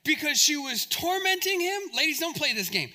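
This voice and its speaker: High, bright-voiced male preacher. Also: very animated, moderate pace. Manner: humorous, conversational asides to the congregation. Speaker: pastor. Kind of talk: sermon.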